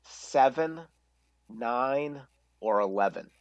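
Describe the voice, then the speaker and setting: A man hosting a casual podcast quiz, playful and reading out answer options slowly and deliberately. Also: medium pitch, animated, dry recording, muffled recording. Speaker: quiz host.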